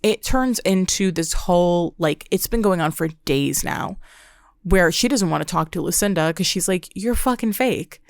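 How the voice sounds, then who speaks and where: Low-voiced woman ranting casually. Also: normal speed, vocal fry, no room sound, clean studio sound. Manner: animated, profane, mimics people she talks about. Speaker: podcast host. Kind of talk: casual reality-TV recap monologue.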